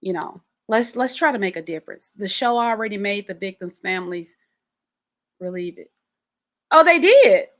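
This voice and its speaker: A woman's voice: medium pitch, moderate pace. A woman hosting a podcast in casual solo chat, talking animatedly and directly to her listeners and repeating words for emphasis. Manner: animated and chatty, addresses listeners directly, repeats words when stressing a point. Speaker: podcast host.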